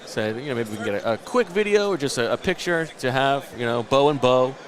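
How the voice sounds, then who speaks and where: A man in his late thirties hosts a casual podcast at a middle pitch. He spins long, rambling stories and pokes fun at himself as he goes. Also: lively intonation, a little fast, a crowd in the background. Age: late 30s. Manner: rambling, self-mocking storyteller. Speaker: podcast host. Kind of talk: casual chat.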